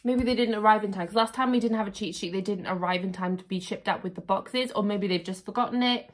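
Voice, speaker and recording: A woman vlogger chatting casually at home while unboxing, gushing and excitable, often repeating "really, really". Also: mid-range voice, fast talker.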